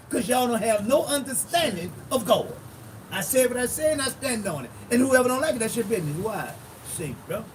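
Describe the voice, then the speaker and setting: A blunt, repetitive preacher man with a strikingly high, lively voice. He sounds set back from the mic, with steady noise behind him. His talk is an emphatic sermon recap in street-style speech. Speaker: pastor. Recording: distant mic with noisy background.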